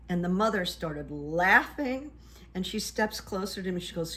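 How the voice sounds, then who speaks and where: A woman's voice: fairly low pitch, moderate pace, a bit bright. Chatty older woman telling a story. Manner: chatty, meandering, many ums and uhs. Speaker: vlogger and hypnotherapist. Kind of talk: casual storytelling to camera.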